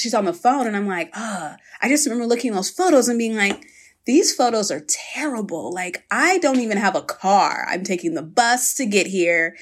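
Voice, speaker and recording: A woman in casual conversation, telling a story with animation and acting out the voices of people she quotes. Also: mid-range voice.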